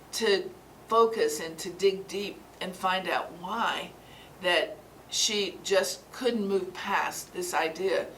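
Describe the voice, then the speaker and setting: A woman's voice: medium pitch, fairly bright tone, distant mic, rough recording. A woman speaker gives a sermon-style talk to a small gathering, earnest and prone to repeating herself. She sounds set back from the mic. A faint hum of room noise sits underneath. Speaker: spiritual speaker.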